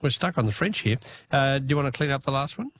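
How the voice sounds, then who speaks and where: A man's voice: medium pitch, animated, fast talker, fairly bright tone, slight background noise. A man hosting a talkback radio quiz, joking, punning and spelling out answers.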